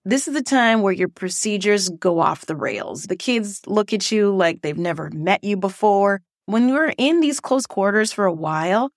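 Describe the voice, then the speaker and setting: A woman, a former teacher, hosting a casual reflective podcast monologue in a playful, animated way. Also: medium pitch, moderate pace, hardly any pauses, dry recording, studio quality. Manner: playful and animated, acting out voices.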